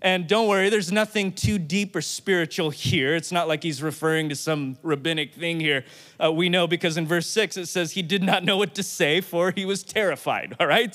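Animated high-voiced male preacher. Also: moderate pace. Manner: playful, animated, acts out quotes. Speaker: pastor. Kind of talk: sermon.

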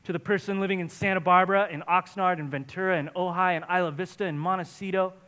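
A man preaching a sermon as pastor, speaking emphatically and often rising to forceful exhortation. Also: high-pitched, fairly even intonation, fast talker. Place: church in Santa Barbara area.

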